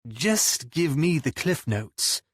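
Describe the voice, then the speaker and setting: A man's voice: a little high, big pitch swings, slow pace, breathy edge, no room sound, clean studio sound, pitched above the performer's own voice, full character voice. A man voicing a cocky, restless young male drummer with a breezy, wisecracking manner in an audiobook. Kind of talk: audiobook character voice.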